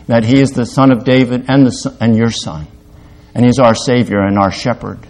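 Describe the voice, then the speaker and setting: An older man preaching a sermon as pastor, halting at times, rising to loud emphatic peaks and dropping to quiet, confessional lows. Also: steady tone.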